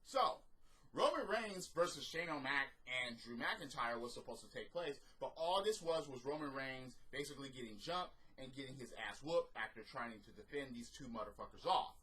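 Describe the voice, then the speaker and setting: A man's voice: mid-range voice, sharp tone, rough recording. A man giving an exasperated, profanity-heavy recap and review of a wrestling show, ranting as he goes.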